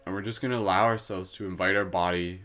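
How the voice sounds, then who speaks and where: A man hosting a live guided meditation, slow and soothing when guiding, giggly and playful between exercises. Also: sits low, fairly even intonation, a bit bright, faint music behind. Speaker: meditation host.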